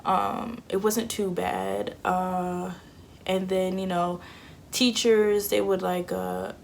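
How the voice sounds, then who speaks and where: A woman's voice: mid-range voice, little pitch movement, slow, vocal fry, a little hiss or hum. A young woman, chatting candidly and acting out what people said. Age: 20s. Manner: candid and chatty, acts out quotes. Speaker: vlogger. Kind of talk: casual storytelling.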